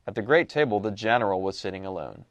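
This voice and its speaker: A man with a lowish voice, lively intonation and quick pace gives a casual recap of a lesson. He reads passages aloud and conversationally poses questions he answers himself, captured in a dry recording.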